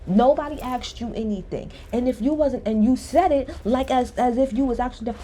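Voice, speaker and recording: A woman's voice: high voice, a little fast, hardly any pauses, dark tone, a little hiss or hum. Blunt, opinionated woman ranting. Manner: blunt, opinionated, swears freely, mimics cast members. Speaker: reality TV recap vlogger. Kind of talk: casual recap commentary.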